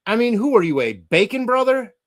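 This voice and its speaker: A man's voice: very high-pitched, big pitch swings, fairly quick. A middle-aged man hosting a livestream, reading chat comments aloud and ranting casually with profanity and frequent laughter.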